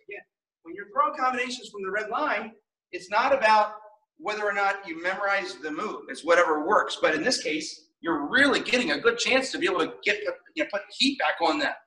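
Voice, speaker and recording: A man's voice: sits high, bright, forceful tone, recorded from a distance, slight background noise. A man teaching an online martial arts class, calling out drills and encouraging students in a casual, upbeat way. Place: martial arts studio, indoors. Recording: echoey studio, voice from off-mic.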